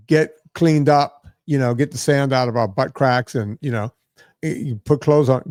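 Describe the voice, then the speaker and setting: A man's voice: medium pitch, a little mellow, no echo. Chatty man telling stories, dry sound. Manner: rambling storyteller, many fillers and "right?" asides. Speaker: podcast host. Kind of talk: casual podcast chat.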